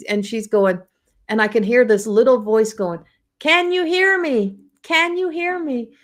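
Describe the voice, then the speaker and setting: A woman in her fifties, a psychic medium, talking gently and encouragingly on a live stream and laughing often. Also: on the low side. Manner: tells family anecdotes with mimicked voices. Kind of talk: live-stream spiritual talk.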